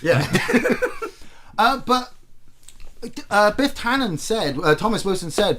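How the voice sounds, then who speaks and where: A man's voice: sits high, takes it slowly, pauses often. A man co-hosting a casual film podcast, rambling along with plenty of fillers. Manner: rambling, lively, with frequent fillers. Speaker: podcast co-host.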